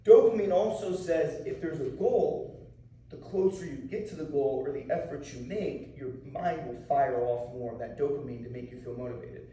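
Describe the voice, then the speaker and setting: A martial arts instructor talking casually to a class of students, often checking in with "okay?" and "right?". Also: male voice, a little high, moderate pace, mellow, a little hiss or hum. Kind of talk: anti-bullying talk to a class. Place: school room with students. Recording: echoey room, mic far off.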